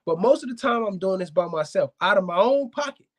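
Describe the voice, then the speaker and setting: A man hosting a casual live-stream chat about his dogs, animated and preachy, often calling out to viewers. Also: high-pitched, brisk. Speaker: dog kennel owner hosting a live talk show.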